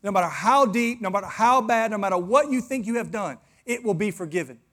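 A male pastor with a high voice delivers a sermon to his congregation in church. He swings between low, measured reflection and fervent, emphatic peaks that drive his points home. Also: animated, a bit bright. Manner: preaching, rising to fervent emphasis.

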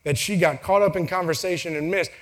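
Man, 30s, speaker at a live talk, a bit higher voice, jokey storyteller who acts out voices. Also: fast talker. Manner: joking, storytelling, acts out quotes. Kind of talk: casual motivational talk. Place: venue with a timer for speakers.

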